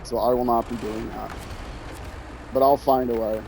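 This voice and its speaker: Streamer, male, Minnesota accent: gravelly, mellow play-by-play of his own game. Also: medium pitch, little pitch movement, moderate pace, slight background noise. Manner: talks to himself while playing, joking asides. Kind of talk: casual gameplay commentary.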